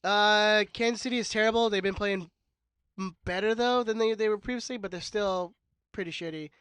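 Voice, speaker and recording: A high-pitched man from talks quickly, with a head cold. He banters and swears freely on a casual sports podcast. The sound is dry and close. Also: fairly bright tone, smooth, dry recording. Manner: fast, joking, swears freely. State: sick with a cold. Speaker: podcast co-host.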